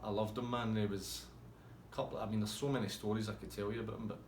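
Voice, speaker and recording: A man's voice: on the low side, steady tone, fast talker, reverberant, slight background noise. A man telling a rambling, swear-heavy anecdote in a casual way. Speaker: storyteller.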